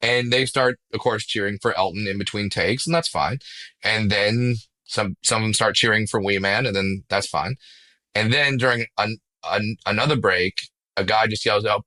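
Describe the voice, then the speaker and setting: Male comedian guest, punchy bright voice, excitable storyteller who swears freely. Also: fairly low pitch. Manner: excitable storyteller, swears freely, quick self-deprecating jokes. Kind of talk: casual podcast interview.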